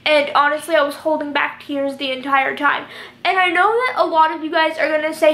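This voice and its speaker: A woman's voice: high voice, steady tone, brisk, fairly bright tone. A twenty-year-old woman reviewing a TV episode in casual, rambling vlog chat, emotional and full of fillers. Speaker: show review vlogger.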